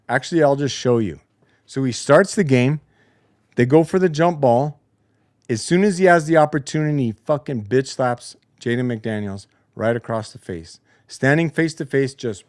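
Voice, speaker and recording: A man in the middle of a heated, profanity-laced post-game basketball rant, sounding like a show host tearing into a team. His voice sits at an ordinary middle pitch. The recording is dry and close, with no room echo. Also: expressive, moderate pace, long pauses, a little mellow. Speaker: podcast host. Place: home basement studio.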